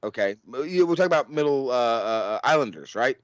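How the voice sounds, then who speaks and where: Casual rambly guy hosting a podcast, laughs a lot, flat muffled audio. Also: mid-range voice, brisk, dry recording. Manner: rambling, laughs often, restarts. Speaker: podcast host.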